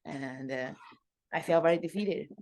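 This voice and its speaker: A woman's voice: low-pitched, moderate pace, darkish tone, no room sound. A woman from China, a comedian guest telling her story candidly in casual interview talk, with frequent fillers and restarts.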